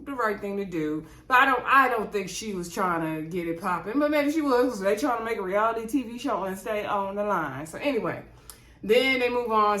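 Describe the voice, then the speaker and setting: A woman at a middle pitch chats through a reality show recap in a relaxed, rambling way. She piles on asides and fillers as if talking to friends. Her voice carries a noticeable room echo. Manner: rambling, chatty, digressive, with frequent asides and fillers. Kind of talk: casual chatty episode recap. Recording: roomy echo.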